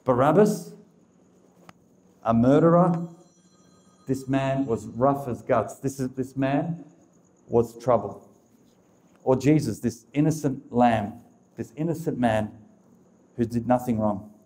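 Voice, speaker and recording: Man, speaker of a religious talk, mellow voice, emphatic and direct with the crowd. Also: mid-range voice, unhurried, long pauses. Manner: emphatic, repetitive, addresses the audience directly. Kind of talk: preaching talk to a live audience.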